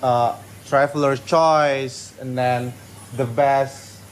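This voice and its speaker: A man from Indonesia with an Indonesian accent, a retreat staff member being interviewed casually, talking quickly with frequent restarts, recorded on a phone nearby. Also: mid-range voice, steady tone, a little hiss or hum, poor audio. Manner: fast-talking, hesitant restarts. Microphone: phone held nearby.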